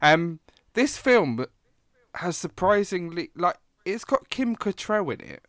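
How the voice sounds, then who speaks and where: A man's voice: sits high, big pitch swings, slow pace, a bit bright, no room sound, clean studio sound. A man in his thirties co-hosting a casual film review podcast, rambling with many hesitations. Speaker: podcast co-host.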